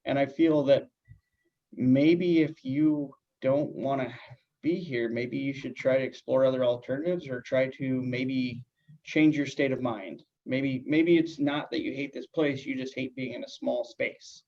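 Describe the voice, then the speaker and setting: A man playing calm coworker Tom. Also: medium pitch, natural voice. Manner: halting, hesitant, agreeable. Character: calm male office coworker Tom, agreeable. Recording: dull lo-fi sound.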